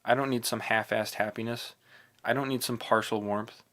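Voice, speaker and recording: A man narrating a novel audiobook in the first person, with a steady, brooding reading. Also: medium pitch, moderate pace.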